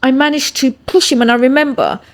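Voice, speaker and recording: A woman's voice: sits high, fairly quick. A woman with an English accent, a podcast guest earnestly telling a personal story and often checking in with her listener. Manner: earnest, checks in with "yeah?" tags. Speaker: interview guest.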